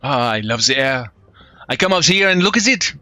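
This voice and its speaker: A man's voice: mid-range voice, expressive, normal speed, sharp tone, no room sound, voice pushed up. A man putting on a boastful French swashbuckler. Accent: put-on French. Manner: boastful, flamboyant, hesitant with fillers. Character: swashbuckling male mercenary sailor with a French accent.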